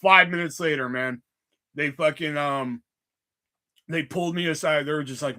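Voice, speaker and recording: A young man hosting a livestream, telling casual stories in an animated, profane way and acting out quotes. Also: a little high, normal speed. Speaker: livestream host. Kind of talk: casual storytelling chat.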